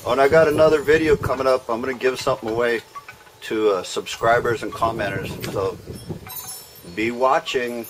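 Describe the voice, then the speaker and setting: A man's voice: mid-range voice, fairly even intonation, a little fast, noisy background. A man hosting a casual barbecue vlog outdoors, joking with the viewers and talking to the food as he cooks. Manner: folksy, jokey, talks to the food and the viewers. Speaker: backyard barbecue vlogger. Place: outdoors at a backyard smoker.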